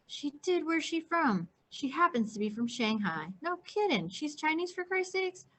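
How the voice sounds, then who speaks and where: A woman's voice: high-pitched, big pitch swings, moderate pace, fairly bright tone, pitched above the performer's own voice. Woman reading as a prying, eager teenage boy. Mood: pestering, curious. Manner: eager, insistent questioning. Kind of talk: reading a novel aloud.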